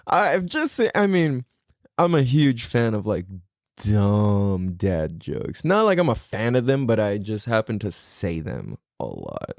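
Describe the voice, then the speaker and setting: Male solo podcaster, casual and profane, animated delivery, dry close-miked recording. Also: fairly low pitch, a little slow, creaky, dry recording. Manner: rambling, profane, self-deprecating. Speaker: podcast host.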